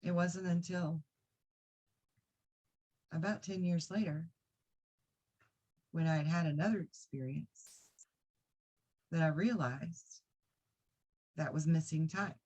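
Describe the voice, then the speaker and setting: A woman who does psychic readings and keeps a video diary speaks to camera in a low, slightly mellow voice, slowly and with frequent pauses. She earnestly recounts a personal experience, rambling with many fillers, and the recording sounds dull and lo-fi.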